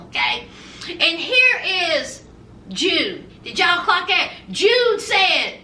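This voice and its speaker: A woman's voice: very high voice, sing-song, slow pace, sharp tone, distant mic, a little hiss or hum. A woman reviewing reality TV in a casual, sassy vlog, calling her viewers honey and y'all. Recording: roomy echo, a bit off-mic.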